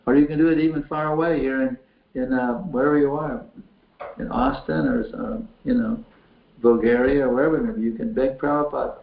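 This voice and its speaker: A man's voice: medium pitch, fairly even intonation, brisk, creaky. A man, a spiritual teacher, answering questions from a chat window in a folksy, repetitive way that often restarts phrases. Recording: tinny phone-like line in an echoey room.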